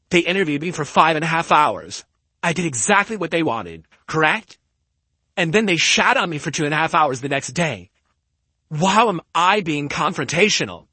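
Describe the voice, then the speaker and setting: Guy streamer reading donos, voice changer on, kinda high bright husky voice, super defensive and rambly. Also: dry recording. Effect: voice changer altering his voice. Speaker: live streamer. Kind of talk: reading viewer donations on a live stream.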